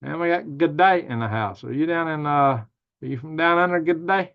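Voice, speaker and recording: A man's voice: fairly high pitch, normal speed, creaky, muffled recording. A man hosting a casual livestream, reading viewer comments aloud and answering them in a rambling, thinking-aloud way. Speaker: livestream news host.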